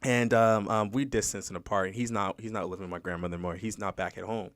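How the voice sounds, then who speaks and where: Fast-talking man telling a rambling story. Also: fairly low pitch, steady tone, no echo. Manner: rambling storytelling with many restarts and quoted voices. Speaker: podcast host. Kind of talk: casual podcast conversation.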